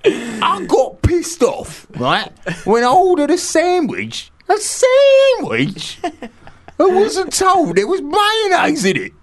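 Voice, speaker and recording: A man voicing a furious Cockney geezer who rants about small grievances with loud, laughing outbursts on a radio show. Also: extremely high pitch, wildly swooping pitch, slow, voice pushed up, full character voice. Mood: ranting. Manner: ranting, loud bursts, laughs through it. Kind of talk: comic character bit on radio.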